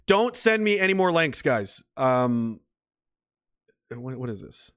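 A man's voice: mid-range voice, big pitch swings, takes it slowly. Rambling, profane male livestream host. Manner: rambling, profane, laughs often, mocking voices. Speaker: livestream host reading chat. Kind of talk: casual livestream commentary.

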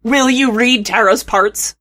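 A woman's voice: fairly high pitch, takes it slowly. A woman hosting a podcast, chatting casually, laughing often and reading prose passages aloud. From northern United States. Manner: animated, laughs often, self-deprecating. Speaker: podcast host.

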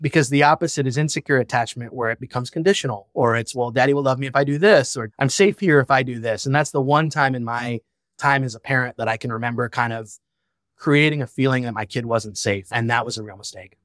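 A man's voice: mid-range voice, fast, a bit bright, no echo, clean studio sound. A man speaking as a podcast guest, a founder and father who talks frankly and reflectively and swears casually. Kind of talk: candid conversational interview.

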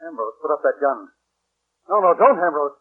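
A man's voice: fairly high pitch, big pitch swings, moderate pace, slightly rough. A terrified man woken at night. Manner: bewildered, then screaming in terror. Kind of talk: 1940s radio acting. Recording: tinny old radio broadcast.

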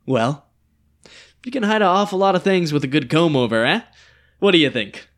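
A man's voice: a little high, big pitch swings, moderate pace, fairly bright tone. Man playing a melodramatic ghostly dictator. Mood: chummy. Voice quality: theatrical, swinging between whimpers and outbursts. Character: ghostly male dictator with a bullet wound, needy and melodramatic. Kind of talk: script reading of a stage play.

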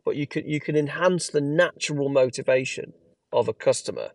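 A man's voice: a little high, fairly quick, darkish tone, no echo. A man co-hosting a business podcast, explaining ideas casually and restarting phrases as he thinks. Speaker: podcast co-host.

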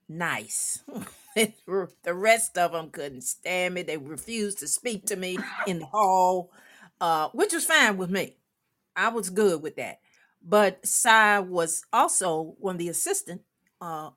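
Animated older woman telling a story. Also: fairly low pitch. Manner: animated storyteller, laughs often, quotes people in character. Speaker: guest, former women's basketball coach. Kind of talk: storytelling on a talk show.

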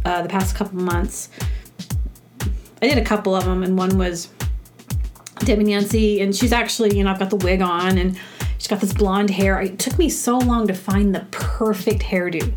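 A woman's voice: mid-range voice, fairly even intonation, normal speed, over music. A woman podcast host and sketch comedian telling rambling, chatty stories and laughing at them. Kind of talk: casual storytelling.

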